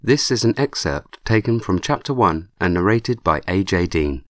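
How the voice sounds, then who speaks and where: A man's voice: low-pitched, expressive, moderate pace, dry recording, studio quality. A man reading a formal audiobook introduction. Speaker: audiobook announcer. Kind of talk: scripted introduction.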